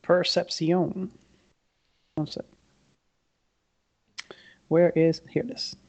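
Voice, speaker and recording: A man's voice: on the high side, fairly even intonation, a little slow. A man joking around as a player in a tabletop game. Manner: playful, laughing.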